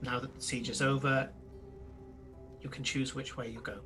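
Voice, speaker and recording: A calm, wise older woman who offers the heroes guidance, as a man puts her on. She speaks quietly and measured in a soft, bright tone over faint music, a tabletop game figure. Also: medium pitch, lightly acted.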